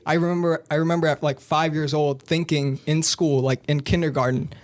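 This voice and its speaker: A man's voice: fairly high pitch, fairly even intonation, a little fast. A man in a casual podcast conversation, reflecting thoughtfully on his own choices.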